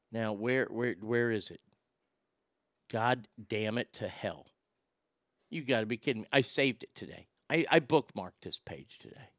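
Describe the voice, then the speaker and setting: A man's voice: medium pitch, sharp tone, no echo, studio quality. A man hosting an irreverent comedy show, rambling and swearing freely with crude jokes. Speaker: host.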